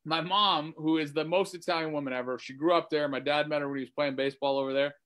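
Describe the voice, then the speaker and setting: Bright-voiced, teasing man storyteller. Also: a little high, steady tone, quick pace. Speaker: co-host and former player. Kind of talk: casual video-call chat. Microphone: video call.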